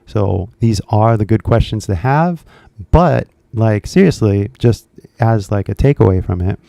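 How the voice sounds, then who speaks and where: A man's voice: lowish voice, lively intonation, unhurried, gravelly, warm tone, no room sound. A man with a Californian accent chatting casually on a live stream, rambling and scattering "like" and "you know" all through his talk. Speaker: English-teaching YouTuber on a live stream.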